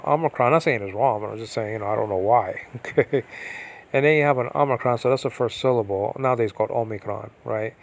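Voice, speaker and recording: A man's voice: mid-range voice, creaky, rough recording. Rambling man teaching Greek at home. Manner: rambling, talks to himself, many fillers. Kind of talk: casual online lesson. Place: at home during a storm.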